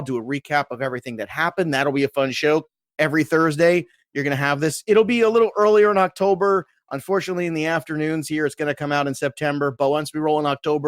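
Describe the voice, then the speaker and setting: A man co-hosting a sports podcast with energetic, playful hype-man delivery. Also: a little high, dry recording, clean studio sound. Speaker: podcast co-host. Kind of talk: hyped podcast chat.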